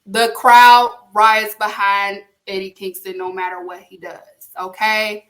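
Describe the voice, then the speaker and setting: A woman hosting a casual podcast award show, announcing winners with playful, drawn-out emphasis. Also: medium pitch, little pitch movement, fairly bright tone. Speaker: podcast host.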